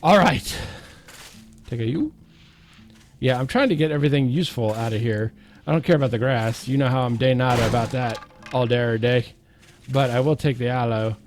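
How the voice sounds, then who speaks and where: A man's voice: medium pitch, brisk, long pauses, darkish tone, faint music behind. A man giving casual, playful gameplay commentary, chanting counts and joking at his own expense. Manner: self-mocking, goofy asides.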